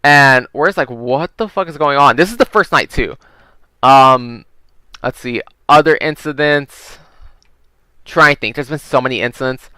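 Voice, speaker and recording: Man, gaming vlogger, casual storytelling, rambling, swears a lot, smooth crisp voice, dry close sound. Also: mid-range voice, moderate pace, sharp tone, no room sound, poor audio. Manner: rambling, swears freely, heavy use of "like" and "um". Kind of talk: casual storytelling while playing a video game.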